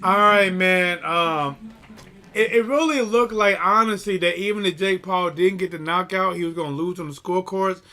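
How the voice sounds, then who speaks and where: Speaking to his stream audience, a man offers relaxed commentary on a fight, getting excited readily and filling his speech with fillers and restarts. His voice is high and his pace normal.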